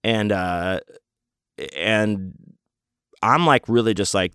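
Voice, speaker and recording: A man's voice: fairly low pitch, slow pace, pauses often, a bit bright, clean tone, no room sound, clean studio sound. A man telling a casual, rambling story full of swearing, fillers and restarts.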